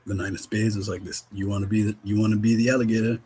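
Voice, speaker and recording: A man in a casual spiritual vlog, reading oracle cards aloud, rambling and swearing, with loud and soft stretches. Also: on the low side, level tone, rapid-fire, slight background noise, low-quality recording. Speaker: spiritual card reader.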